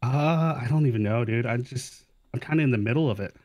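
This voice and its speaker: A man on a voice call chats in a loose, unhurried way, pausing often and trailing off into fillers. His voice sits at an ordinary mid pitch and sounds plain and conversational. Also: a little mellow. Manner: laid-back and hesitant, trailing off with fillers. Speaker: guest on a voice call. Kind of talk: casual chat.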